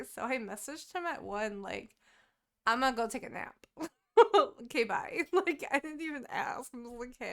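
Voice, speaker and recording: A woman's voice: fairly high pitch, creaky, a bit bright. A young woman co-hosting a podcast, chatting casually and rambling through her week, swearing often and laughing. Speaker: podcast co-host. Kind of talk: casual chat.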